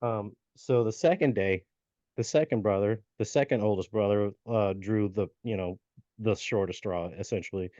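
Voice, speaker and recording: A man's voice: fairly low pitch, moderate pace, dark tone, dry recording. A man co-hosting a podcast, casually retelling a folk tale with lots of fillers and restarts. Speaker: podcast co-host. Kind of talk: casual storytelling chat. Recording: dull lo-fi podcast audio.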